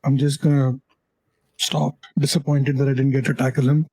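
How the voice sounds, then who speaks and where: A player in a tabletop game, talking casually and haltingly through their moves. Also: medium pitch, flat delivery, noisy background. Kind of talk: tabletop role-play.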